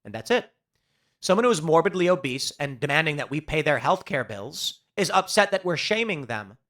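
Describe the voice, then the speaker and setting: Hosting a political commentary show, a man with a slightly high, sing-song, fairly bright voice delivers a brisk, sarcastic opinion monologue. He mocks critics by quoting them in put-on voices.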